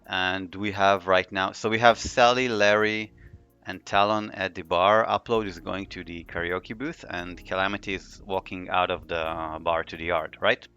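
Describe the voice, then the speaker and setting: Deep-voiced male game master. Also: moderate pace, smooth, highs cut off, soft background music. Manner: relaxed, filler-heavy narration. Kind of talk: narrating a tabletop game.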